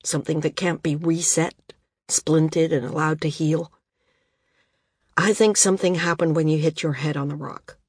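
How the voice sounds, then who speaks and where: A woman voicing an older male healer in an audiobook, speaking quietly and gravely. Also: sits low, fairly even intonation, no echo, clean studio sound. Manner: quiet and measured. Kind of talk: audiobook character voice.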